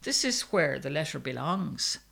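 A man's voice: on the high side, very animated, unhurried, creaky, bright, forceful tone, full character voice. A man voicing a stern farm wife who gives firm, clipped commands. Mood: defiant.

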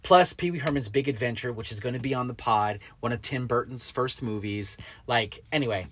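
A woman co-hosting a podcast in casual chat, animated and incredulous, laughing often. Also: extremely low pitch, brisk, breathy edge. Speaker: podcast co-host.

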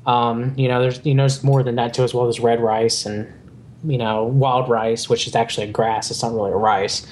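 A man's voice: medium pitch, little pitch movement, normal speed, a little mellow, slight background noise. A man on a podcast as a guest, explaining things in long, winding runs of casual chat.

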